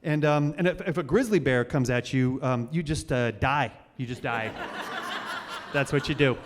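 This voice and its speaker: A man's voice: medium pitch, normal speed. A man in his forties hosting a live storytelling show, rambling and self-deprecating, with many fillers and restarts. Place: stage of a cultural center hall. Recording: reverberant live hall.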